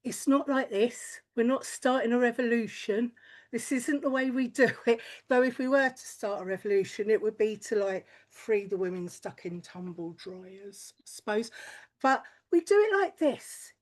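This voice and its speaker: A woman's voice: fairly high pitch, expressive, a little slow, darkish tone. Woman comic, crude and chatty, stand-up set delivery. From lives in Wales, not Welsh-born. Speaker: stand-up comedian. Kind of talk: stand-up routine.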